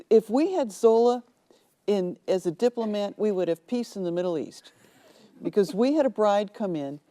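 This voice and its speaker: A woman author telling lively anecdotes in a TV studio interview, acting out the people in them. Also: medium pitch. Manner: animated storyteller, acts out quoted voices. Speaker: author guest.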